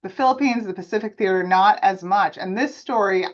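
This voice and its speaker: A woman's voice: mid-range voice, brisk, dull audio. A woman hosting a podcast interview, speaking with heartfelt earnestness in casual chat. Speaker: podcast host.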